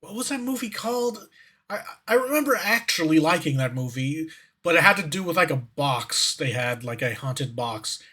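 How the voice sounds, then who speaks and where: A man's voice: fairly high pitch, lively intonation, normal speed, bright, forceful tone, breathy edge. A man streamer giving casual reaction commentary who rambles, swears, and fills his talk with fillers and restarts.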